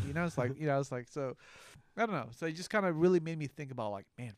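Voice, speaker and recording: A man in his thirties co-hosting a podcast in casual chat, telling stories in a lively way. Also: fairly high pitch, quick pace, no room sound, studio quality. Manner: animated storyteller, acts out quoted voices. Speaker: podcast co-host.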